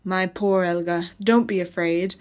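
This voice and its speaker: A woman reading the lines of a patient husband who gently coaxes his frightened wife. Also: on the low side, a little slow, close to an everyday voice. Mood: coaxing. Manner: steady, reassuring, coaxing.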